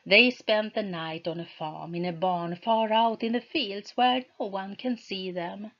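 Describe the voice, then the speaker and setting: A woman hosting her channel, reading a novel aloud in a slow, deliberate way. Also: medium pitch, highs cut off.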